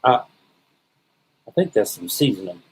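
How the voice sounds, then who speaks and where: A man's voice: on the low side, very animated, unhurried, slightly rough, poor audio. Laid-back man co-hosting a podcast. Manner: laid-back, dry humor. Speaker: podcast co-host. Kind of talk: casual podcast chat.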